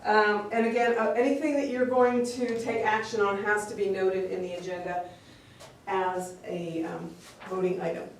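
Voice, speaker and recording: In a district office meeting room, an open meeting law trainer gives a conversational talk on meeting rules, explaining step by step and acting out little quoted exchanges. Her medium-pitched voice is fairly even and at normal speed, picked up from afar by a distant mic in a very echoey room with a little hiss or hum.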